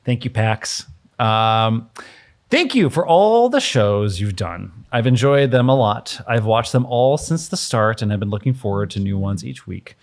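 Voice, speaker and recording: A man's voice: fairly low pitch, animated, a little slow, gravelly. A man co-hosting a casual show, chatting in an easygoing way and reading viewer mail aloud. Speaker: show co-host. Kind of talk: casual chat.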